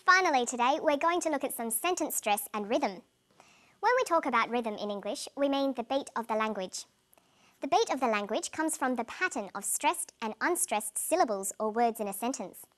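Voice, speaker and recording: An English teacher with a fairly high, slightly bright voice presents a scripted lesson expressively. Her delivery is clear and measured, with each word carefully enunciated for learners.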